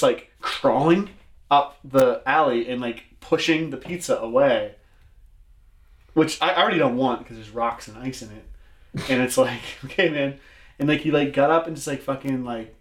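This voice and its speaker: A man chatting casually with friends, telling a rambling story full of fillers and curses. His voice sits in the middle range. The room around him is echoey. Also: mid-range voice. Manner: rambling storyteller, heavy swearing and filler words. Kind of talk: casual chat.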